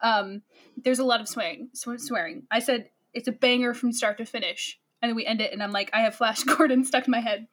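A young woman co-hosts a casual book podcast and answers her partner with dry, wry asides. Her voice is bright and a little sharp, and it sits somewhat high. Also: a little fast. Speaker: podcast co-host.

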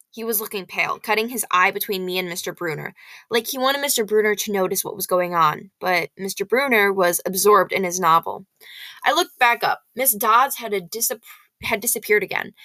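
A woman reading a novel aloud in expressive first-person storytelling. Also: medium pitch, dry recording.

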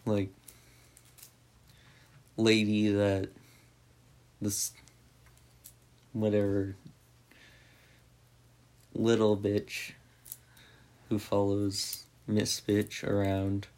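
A man's voice: on the low side, monotone, drawn-out words, pauses often, a little mellow. A man giving a casual, rambling spoken recap of a movie, full of "like" and swearing freely. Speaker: movie reviewer.

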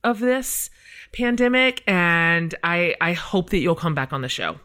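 A woman host with a bright, forceful voice leads a casual podcast interview. She talks in an upbeat, chatty way and keeps affirming her guest. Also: lowish voice, measured pace, clear, resonant tone.

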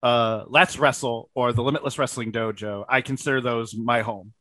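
A man's voice: medium pitch, normal speed, no echo. A man, a wrestling ring announcer, telling stories animatedly as a podcast guest, laughing along the way. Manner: animated anecdotes, laughing, many "like" fillers. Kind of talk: casual storytelling interview.

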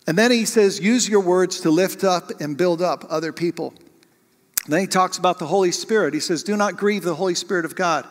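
Man preaching in a reverberant hall. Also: a little high. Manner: conversational preaching with rhetorical questions to the congregation. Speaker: pastor. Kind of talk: sermon.

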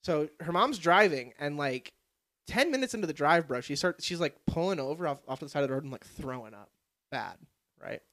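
Young man, podcast host, casual chat, animated storyteller, higher-pitched voice. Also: fairly quick. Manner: animated storyteller, swears freely.

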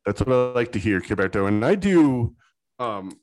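A man co-hosting a casual sports podcast, excitable and rambling, going off on tangents with hype talk. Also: medium pitch, moderate pace, no echo, low-quality recording. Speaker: podcast co-host.

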